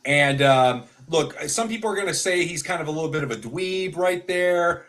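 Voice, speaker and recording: A man co-hosting a casual football talk show, talkative and animated with frequent fillers. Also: fairly high pitch, moderate pace. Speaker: sports podcast co-host.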